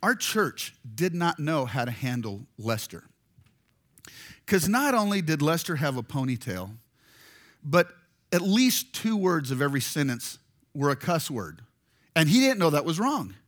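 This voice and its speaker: A man preaching a storytelling sermon, animated and jokey, acting out voices as he goes. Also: a little high, a little slow. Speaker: pastor.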